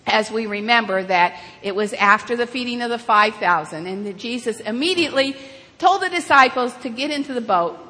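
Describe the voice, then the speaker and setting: A woman retelling a story as a sermon, animated and dramatic, asking her listeners questions. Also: a little high. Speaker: children's sermon leader. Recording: reverberant hall.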